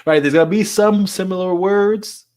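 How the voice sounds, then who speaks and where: A man's voice: sits high, moderate pace, darkish tone. A man hosting a live stream in a casual, chatty way, laughing often and repeating words as he talks.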